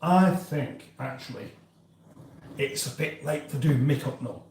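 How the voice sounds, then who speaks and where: A man's voice: mid-range voice, unhurried, darkish tone. A British man with a northern English accent hosts a live cooking stream from his kitchen, rambling casually and reading viewer comments aloud as he cooks. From England. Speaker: cooking livestream host. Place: home kitchen. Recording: echoey kitchen with faint background noise.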